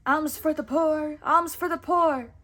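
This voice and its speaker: A woman voicing a bold, clever young male outlaw hero in a storybook read-aloud, quick and eager. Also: high-pitched, steady tone, fairly bright tone, pitched above the performer's own voice. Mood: cheerful.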